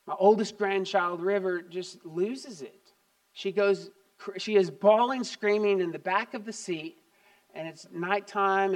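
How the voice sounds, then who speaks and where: A pastor and grandfather in his fifties delivers a sermon in a fairly high-pitched man's voice. He tells personal stories, leaning hard on key words and then falling to soft, low asides. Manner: storytelling, dynamic swings from loud emphasis to quiet asides.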